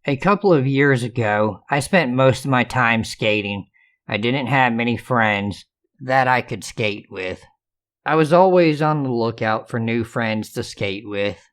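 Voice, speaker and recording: Man, storyteller, mid-pitched voice, casual, profane, sarcastic. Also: a little slow, a bit bright. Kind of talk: reading true scary stories.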